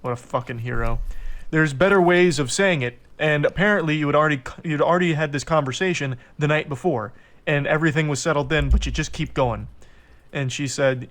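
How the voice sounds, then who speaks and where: A man's voice: a little high, a little fast, fairly bright tone. A man commenting in a reaction video, reading out text messages with incredulous, mocking exasperation. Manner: incredulous, mocking, reads texts aloud with exasperation.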